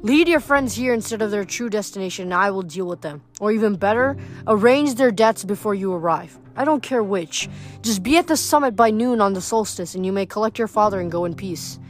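A woman reading as a rumbling cruel giant. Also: expressive, fairly quick, faint music behind, natural voice. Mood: menacing. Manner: low rumbling taunts. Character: menacing male giant, huge, cruel and patient.

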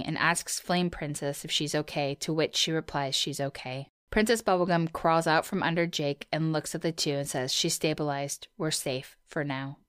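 A woman's voice: deep voice, a bit bright, clear, resonant tone, no echo. A woman co-hosting a podcast, chatting about a cartoon episode in a chatty, enthusiastic way. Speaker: podcast co-host. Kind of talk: casual chat about a cartoon.

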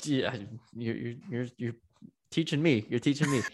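A man's voice: mid-range voice, normal speed. A man co-hosting a sports podcast, reading off scores and stats in casual chat and now and then tripping over a word. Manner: talks through stats, trips over words. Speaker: podcast co-host.

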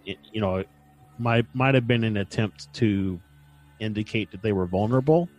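A man co-hosting a casual podcast chat, relaxed and digressive, often pausing with ums and clearing his throat. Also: fairly low pitch, highs cut off, faint music behind. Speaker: podcast co-host. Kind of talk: casual chat about paranormal lore.

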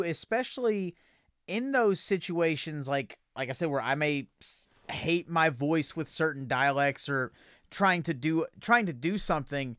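A man's voice: fairly high pitch, fairly bright tone, dry recording, clean studio sound. A profane, jokey man talking loosely. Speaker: podcast host. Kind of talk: casual chat.

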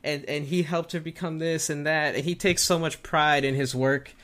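A man co-hosting a casual comedy chat, telling animated stories and acting out quotes. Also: on the high side, normal speed. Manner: animated storytelling with acted-out quotes. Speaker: co-host.

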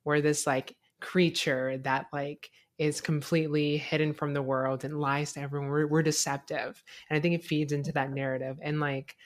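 A woman's voice: deep voice, little pitch movement, normal speed, few pauses. Young woman, podcast co-host; loose, filler-heavy, profane storytelling. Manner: rambling storytelling, many fillers and swearing. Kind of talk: casual chat.

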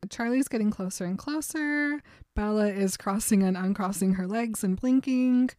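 A woman's voice: mid-range voice, normal speed, warm tone, dry recording, studio quality. A young adult woman co-hosting a podcast, retelling a novel in casual chat, chatty and often giggling. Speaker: podcast co-host.

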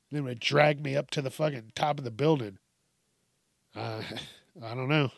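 A man's voice: mid-range voice, normal speed, creaky, long pauses, dry recording, clean studio sound. Profane, laughing man riffing on news. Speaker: news commentary host. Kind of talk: casual comedic news commentary.

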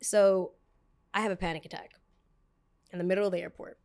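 A woman's voice: fairly low pitch, level tone, fairly quick, darkish tone. A young adult woman hosting a podcast, telling a story in a chatty way, full of fillers, tangents and blunt swearing. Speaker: podcast host. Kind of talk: casual storytelling.

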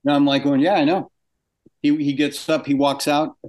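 An older man telling anecdotes in a casual interview, acting out quoted exchanges with animated shifts in pitch. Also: normal speed. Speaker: guest animator.

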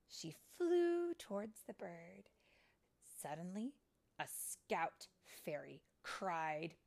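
Mom reading a storybook aloud, slow and lively in pitch, drops to whispers. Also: female voice. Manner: slow, expressive, dropping to whispers. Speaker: mother reading to her child. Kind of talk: reading a picture book aloud.

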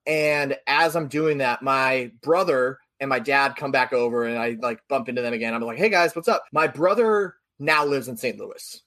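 A man on a podcast telling a story in a casual, animated way, acting out the people he quotes. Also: medium pitch, moderate pace, hardly any pauses.

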